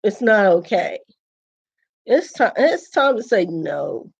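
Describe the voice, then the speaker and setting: A woman's voice: medium pitch, sing-song, slow pace, gravelly, pauses often, breathy edge. A woman from the United States in a rambling, indignant monologue rant, laughing between phrases and restarting and repeating her words. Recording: dull lo-fi recording.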